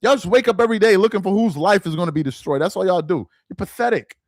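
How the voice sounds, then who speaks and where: Speaking at a quick pace with a high voice, this man hosts a sports commentary channel. He rants to camera, clearly exasperated, and keeps hammering the same phrases for emphasis, with no room sound on the recording.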